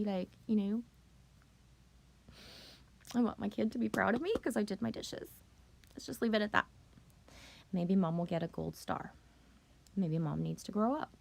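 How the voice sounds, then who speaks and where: A middle-aged woman chatting casually on a live stream, loose, profane and rambling as she greets viewers. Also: fairly low pitch.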